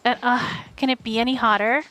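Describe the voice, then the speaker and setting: A woman reading an audiobook, voicing a pushy, self-absorbed rich young woman in a slow drawl. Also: on the high side, fairly even intonation, pushed and bright, faint music behind, pitched above the performer's own voice, rough recording.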